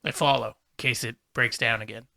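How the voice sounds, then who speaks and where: A man playing a tabletop role-playing game, speaking casually and sometimes halting. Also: medium pitch, fairly even intonation, creaky, sharp tone. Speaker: player.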